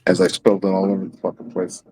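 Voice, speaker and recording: A man's voice: sits low, monotone, fast, dark tone, a little hiss or hum. A man co-hosting a casual chat about football picks, swearing and joking as he goes. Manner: profane, joking banter. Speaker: podcast co-host.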